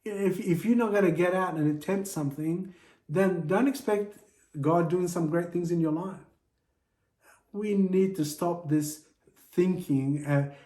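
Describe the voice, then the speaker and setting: Male preacher, slightly high voice, earnest exhortation, echoey church room. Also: mellow. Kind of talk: sermon.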